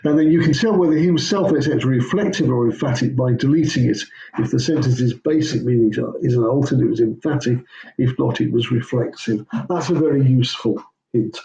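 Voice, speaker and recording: A pastor with a brisk, warm, mid-range voice walks through biblical Greek grammar in an informal lesson, recorded with roomy echo and the highs cut off. He sounds hesitant, with many ums and self-corrections.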